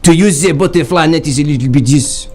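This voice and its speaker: A man doing a self-important butterfly hunter with a thick mock-French accent and a fairly high, light voice. He talks in grand, clumsy stage-French phrases, with faint music under him on a live comedy stream. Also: a little mellow, natural voice. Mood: grandiose. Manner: overblown, haughty, halting stage-French phrasing. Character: pompous male French butterfly collector. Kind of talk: improv comedy character.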